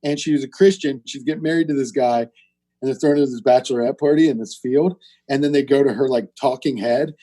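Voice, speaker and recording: A man's voice: medium pitch, quick pace. A man telling rambling jokes in casual comedic banter, swearing freely. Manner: rambling, animated, swearing, jumps into mock voices.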